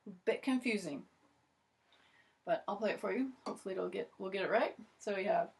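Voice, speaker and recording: A woman's voice: medium pitch, animated, a little fast, vocal fry, heavy background noise. A woman teaching violin in a video lesson, chatty and encouraging, with many "so" and "okay" starts. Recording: loud violin playing between phrases.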